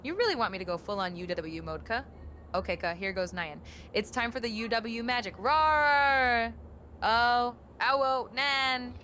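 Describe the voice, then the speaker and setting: A woman's voice: a little high, animated, unhurried, sharp tone, slight background noise, voice pushed up. A woman voicing a perky, catlike female AI chatbot, reading its replies aloud in a sing-song way on a live stream. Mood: bubbly. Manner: sing-song, tacks a cute tag onto every sentence.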